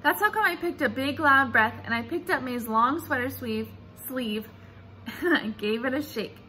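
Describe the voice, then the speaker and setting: Animated woman reading a children's book. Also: high voice, normal speed, slight background noise. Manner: animated, expressive storytelling. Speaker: reader.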